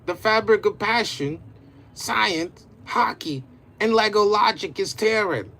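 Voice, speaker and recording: A grave male cat professor from a storybook adventure, pitched well above the reader's own voice, as a man puts him on. He speaks loudly and weighs each word as if it were a warning. His delivery is dramatic and measured. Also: heavily acted. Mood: solemn.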